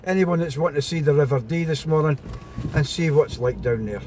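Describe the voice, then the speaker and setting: A Scottish man chats casually on a live-stream from his mobile phone, first driving and then walking out into the snow, greeting his viewers again and again. His voice is on the high side, a little fast and a little mellow. The phone mic picks up road and car noise.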